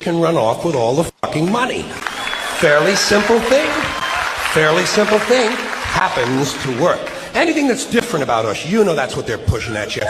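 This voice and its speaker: A man delivers a profane, sardonic stand-up rant with a lively, slightly high pitch. The recording carries the long echo of a hall, with faint ambience behind. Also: background noise.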